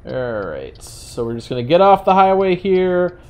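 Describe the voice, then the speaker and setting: A man's voice: high voice, big pitch swings, moderate pace, a little mellow, clean tone. Wry New York man narrating gameplay. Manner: wry, chatty, mock-indignant rants. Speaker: gaming channel host. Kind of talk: casual gameplay commentary.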